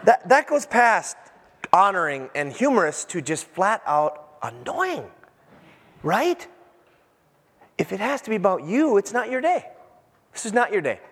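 A man preaching a sermon in a lively, animated way, acting out quotes and breaking into asides. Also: sits high, measured pace, long pauses, breathy edge. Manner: animated, acts out quotes, self-interrupting asides. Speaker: pastor. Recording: long reverb of a large hall.

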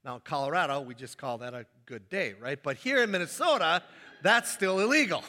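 Guy pastor preaching in a big echoey church, high lively voice, jokes around. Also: fairly quick. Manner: animated, joking asides to the congregation. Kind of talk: sermon.

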